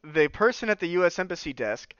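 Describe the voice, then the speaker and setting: High-pitched and sing-song, a young man talks briskly on his podcast in a somewhat bright, smooth voice. He swears without restraint and performs the voices of people he quotes while recounting a personal story. The slightly dull lo-fi recording has no echo.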